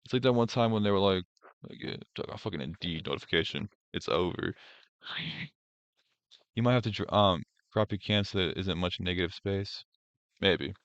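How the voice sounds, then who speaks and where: This young man hosts a casual reaction stream in a low, slightly bright voice at a moderate pace, with no echo. He rambles, swears, and mocks whatever he's watching, packing his talk with filler words. The stream audio is dry, dull, and lo-fi.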